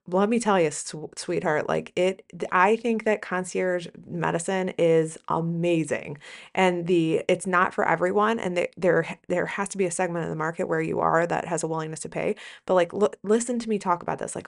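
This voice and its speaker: Chatty woman podcaster with vocal fry. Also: lowish voice, brisk. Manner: rambling, chatty, with frequent fillers and self-corrections. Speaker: podcast host and business coach for nurses. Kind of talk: casual podcast monologue.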